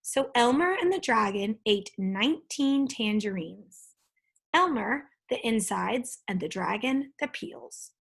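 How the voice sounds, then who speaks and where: A woman reading a children's storybook aloud in a steady, expressive way. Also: fairly high pitch, takes it slowly, vocal fry, slightly rough. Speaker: storybook reader.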